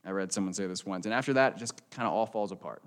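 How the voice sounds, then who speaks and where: A male pastor delivering a sermon in a church, with a lowish voice. His tone is smooth and resonant, and his delivery is earnest and conversational. He closes the sermon with a quiet prayer. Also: fast talker.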